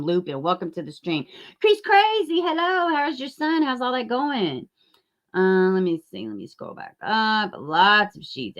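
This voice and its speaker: Woman, somewhat low pitch, hosting a true crime livestream: blunt, profane, chatty with her viewers. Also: fairly bright tone. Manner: blunt and profane, rising to heated outbursts. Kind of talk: casual livestream chat reading viewer comments.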